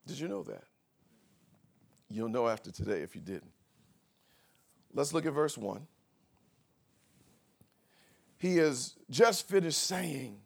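A man preaching a sermon as pastor, drawing out emphatic words, pausing for effect, and swinging between soft asides and shouted emphasis. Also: mid-range voice, sing-song, creaky, husky. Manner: drawn-out emphatic words with pauses.

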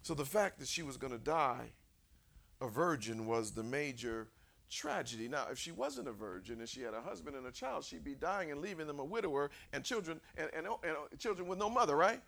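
A man preaches an animated sermon and keeps putting questions to his congregation. His pitch is fairly high and swings widely, and his voice is bright and forceful. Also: a little fast, creaky.

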